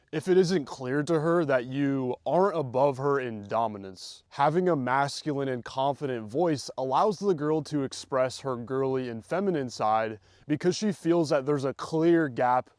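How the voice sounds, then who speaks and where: A young man giving casual, confident dating advice straight to the listener, loose and slangy, sometimes showing how to slow his delivery down. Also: medium pitch, a little mellow, dry recording, studio quality. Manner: demonstrates slow versus rushed delivery. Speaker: dating coach. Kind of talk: direct-to-camera advice monologue.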